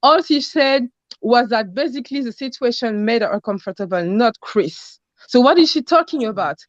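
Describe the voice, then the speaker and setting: A woman with a French accent, a caller speaking bluntly in casual chat, often pausing to search for English words. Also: on the high side, animated, no room sound, muffled recording.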